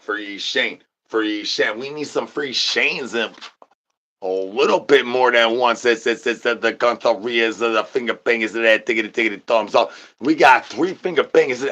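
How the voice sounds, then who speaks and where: A man's voice: mid-range voice, bright, forceful tone. A man streamer doing an absurd comedic rant, rambling in nonsense with stuttered repeats and sing-song catchphrases.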